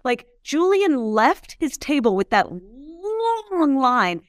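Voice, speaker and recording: A woman's voice: sits high, very animated, takes it slowly, no room sound, clean studio sound. A woman guest telling stories in a casual interview, chatty and laughing often. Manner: chatty, lots of filler words, laughs while telling stories. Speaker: interview guest, whiskey brand founder.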